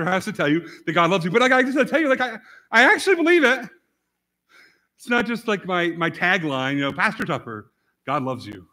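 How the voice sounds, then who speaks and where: A man preaching a casual, conversational sermon as pastor, rambling with many restarts and swinging from quiet asides to sudden loud emphasis. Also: fairly high pitch. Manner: rambling, repeats words and restarts often, fillers like "like" and "right?".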